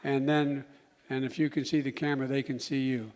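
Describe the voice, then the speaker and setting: An older man, a politician giving a public speech, who stumbles and mumbles, then bursts into loud emphatic lines. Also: medium pitch, level tone, brisk.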